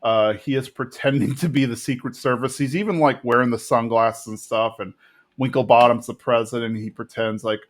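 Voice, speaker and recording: Casual man recapping a cartoon. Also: mid-range voice. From Texas. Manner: retells plot with quick put-on character voices. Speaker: podcast co-host.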